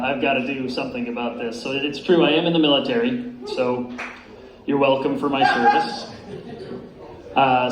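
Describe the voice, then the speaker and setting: A man performing an open mic stand-up set in a dry, unhurried way, with frequent "uh" fillers. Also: medium pitch, a little hiss or hum. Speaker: stand-up comedian. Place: comedy venue with a live room. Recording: roomy venue sound, faint ambience.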